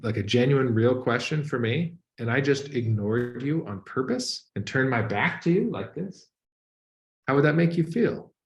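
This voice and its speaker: A man, a guest expert, earnestly explaining research in a conversational way over a video call. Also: mid-range voice. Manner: earnest, conversational, uses many "like" and "and so" links. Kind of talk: explanatory talk to an audience over slides. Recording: echoey room.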